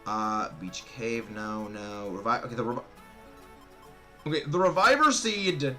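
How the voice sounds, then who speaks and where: An excitable male streamer rambles through casual gameplay commentary, his pitch swinging widely as he trips over his own sentences. His voice is bright and forward, with faint game music playing underneath. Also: a little slow. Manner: excitable, rambling with many restarts.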